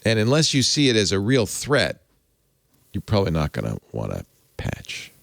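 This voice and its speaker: Gravelly low-voiced man hosting a tech show. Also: wildly swooping pitch, normal speed, a bit bright, no room sound, studio quality. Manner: rambling, self-correcting, chuckles often. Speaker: podcast host. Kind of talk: casual tech talk.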